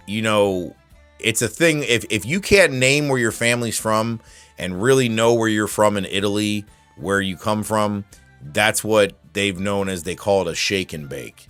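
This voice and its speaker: A man's voice: fairly low pitch, fairly bright tone, no room sound. A man hosting a podcast, telling a loose story in a casual monologue full of restarts and asides. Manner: rambling storyteller with many restarts and fillers. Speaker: podcast host.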